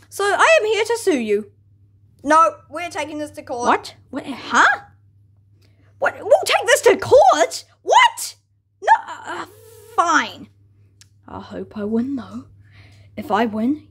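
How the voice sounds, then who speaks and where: A woman's voice: very high voice, heavily acted. A woman voicing an annoyed plush character in a homemade comedy skit, hesitant and full of ums.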